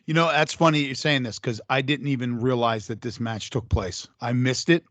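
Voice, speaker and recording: A man's voice: medium pitch, steady tone, moderate pace, fairly bright tone, no echo. A man co-hosting a casual podcast, speaking bluntly and swearing freely. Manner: blunt and profane. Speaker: podcast co-host.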